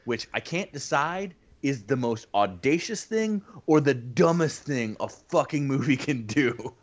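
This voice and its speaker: A man co-hosting a casual movie review chat, quick and animated, swearing now and then. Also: medium pitch, dull audio. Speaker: podcast co-host.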